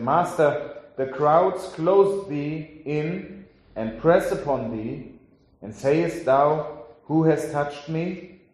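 Man, preacher, slow solemn sermon, heavy echo of a big hall. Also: on the high side, a little mellow. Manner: slow, solemn delivery with drawn-out phrases. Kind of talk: scripture reading and sermon. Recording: very echoey hall.

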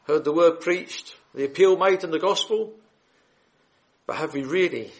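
A man's voice: fairly high pitch, a little slow. A man preaching the gospel in a hall, reading scripture aloud and then appealing earnestly and directly to his listeners. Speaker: lay preacher.

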